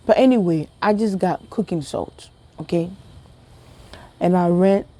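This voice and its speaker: A woman's voice: lowish voice, unhurried, dark tone. A woman from Ghana with a Ghanaian accent tells a story in a casual vlog, talking straight to her viewers and asking them questions. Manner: chatty, talks straight to viewers with rhetorical questions. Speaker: vlogger.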